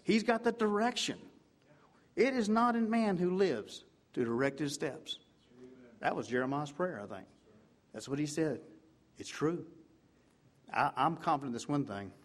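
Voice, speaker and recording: A man preaching a fervent sermon in a fairly high voice. He leans on repeated asides and builds to loud, emphatic peaks, then drops to low, hushed passages. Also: expressive, measured pace, long pauses. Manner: fervent, repetitive preaching with "I tell you what" asides.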